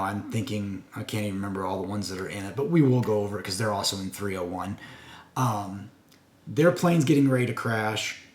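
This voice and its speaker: A man reviewing a comic book in a casual, rambling way, with fillers and self-corrections. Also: mid-range voice. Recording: echoey room.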